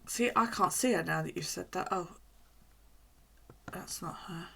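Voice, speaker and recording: A woman's voice: on the low side, a little slow, gravelly, fairly bright tone, husky. A woman streamer chatting casually and rambling, with frequent swearing, during a live stream from home.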